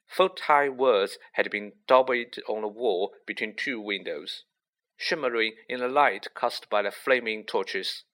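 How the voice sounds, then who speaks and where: A man narrating a storybook in a measured, expressive reading. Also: fairly low pitch. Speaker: audiobook narrator.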